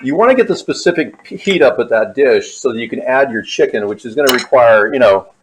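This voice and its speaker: A man's voice: medium pitch, lively intonation, fairly quick, background noise. A man demonstrating a recipe in his home kitchen, talking casually, joking and drifting off topic as he goes. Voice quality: rambling and jokey, drifts off topic. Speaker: home cooking vlogger.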